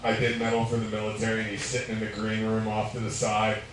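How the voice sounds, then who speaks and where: A man's voice: on the low side, monotone, fast. A man, doing a crude, profane live stand-up set while a little drunk, laughing at his own jokes. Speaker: stand-up comedian. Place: bar stage, live. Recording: echoey room, distant mic, crowd noise.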